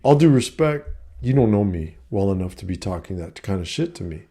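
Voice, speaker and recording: A man's voice: low voice, lively intonation, brisk, warm tone. A middle-aged man telling a story in a blunt, profane, casual rant. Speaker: vlogger and coach.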